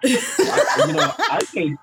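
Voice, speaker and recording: A man's voice: extremely high pitch, wildly swooping pitch, slow, heavy background noise. A man joking around in casual podcast chat, stammering on repeated words. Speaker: podcast guest.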